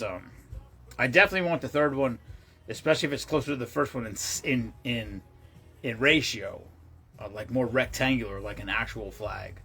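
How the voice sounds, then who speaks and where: A man with a husky voice chats casually on a charity livestream. He rambles, swears freely and often restarts or trails off mid-sentence, at a medium pitch. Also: pushed and bright.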